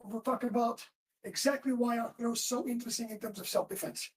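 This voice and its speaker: A woman's voice: on the high side, steady tone, brisk, a little mellow. A woman teaching self-defense in a live class, giving short commands while she demonstrates moves. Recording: roomy echo from far off.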